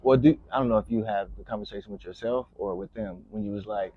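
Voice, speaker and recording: A man's voice: fairly low pitch, fast, slightly rough. A man on a podcast asking long, probing questions in a casual chat. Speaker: podcast co-host. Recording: dry, muffled sound.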